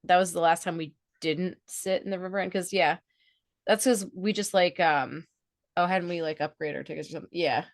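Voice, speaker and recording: A woman's voice: fairly low pitch, steady tone, fairly quick, no room sound, clean studio sound. A woman co-hosting a podcast, chatty and agreeable in casual talk. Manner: chatty, agreeable, often laughing. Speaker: podcast co-host. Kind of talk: casual chat.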